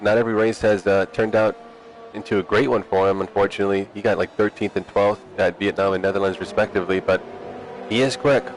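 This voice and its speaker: A man with a fairly low voice calls an online sim racing event. He keeps things relaxed and chatty, ribbing his co-host as he runs through the grid. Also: fast, slight background noise. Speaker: race commentator.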